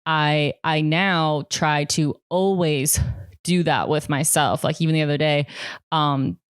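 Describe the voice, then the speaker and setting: A woman's voice: sits low, steady tone, takes it slowly, smooth, no room sound, clean studio sound. A young woman vlogger talking frankly about her feelings, swearing often and saying "like" a lot. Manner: frank and profane, heavy use of "like". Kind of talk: candid personal monologue.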